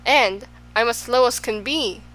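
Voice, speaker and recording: A woman voicing an excitable, fickle man who swings between extremes, in an audiobook. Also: fairly high pitch, a little slow, poor audio. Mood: boastful. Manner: exclaiming, swinging between moods.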